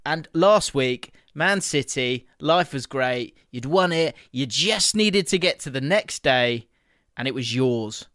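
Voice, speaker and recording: A middle-aged man with a London accent chats about football in a relaxed, self-mocking way, often laughing at himself. His voice sits at an ordinary middle pitch. The recording is dry and close, with no room sound. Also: takes it slowly, dry recording. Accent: London English. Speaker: podcast co-host. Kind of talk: casual football chat.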